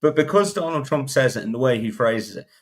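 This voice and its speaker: A man's voice: mid-range voice, expressive, brisk. A man giving blunt, opinionated horse racing takes on a casual podcast, often restarting sentences. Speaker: podcast panelist.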